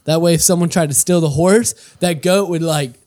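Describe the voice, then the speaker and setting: A man co-hosting a casual podcast chat, talking in animated, joking bursts. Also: on the high side, no echo. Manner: animated, jokey, quick bursts. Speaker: podcast co-host.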